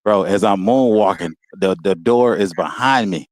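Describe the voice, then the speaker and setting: A man telling stories about his school days in a relaxed, casual way, often laughing and saying "you know what I'm saying". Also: low-pitched, moderate pace. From Walterboro, South Carolina. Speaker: guest. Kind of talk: casual storytelling. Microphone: video call.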